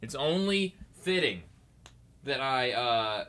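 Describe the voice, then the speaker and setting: A young man, still groggy from waking up, rambles through his solo podcast and jokes at his own expense. His medium-pitched voice is sing-song and fairly bright, and he takes his time.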